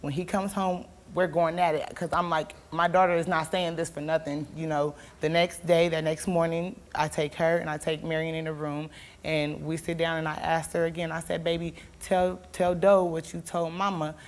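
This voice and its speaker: A woman's voice: low-pitched, little pitch movement, normal speed. A young woman telling a talk show host an emotional story, her voice turning tearful and pleading. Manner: tearful, pleading, rising to shouts. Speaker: guest.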